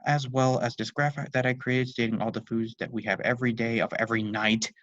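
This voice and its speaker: Deadpan know-it-all girl, sarcastic and precise, voiced by a man. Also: medium pitch, brisk, no echo, highs cut off, natural voice.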